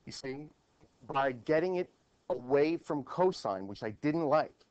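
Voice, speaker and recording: A man's voice: on the high side, animated, measured pace, a little mellow, smooth, lo-fi sound. A man teaching a math class at the board, explaining step by step and asking his students questions.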